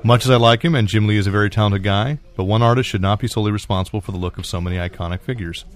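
A man's voice: lowish voice, racing, natural voice. A man reading out a listener comment in an attempted impression of a grumbling male comics fan.

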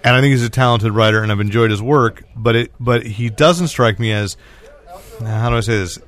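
A man's voice: mid-range voice, fairly quick, a bit bright. A man hosting a casual comics podcast, rambling with restarts and laughing often. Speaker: podcast host. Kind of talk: casual chat.

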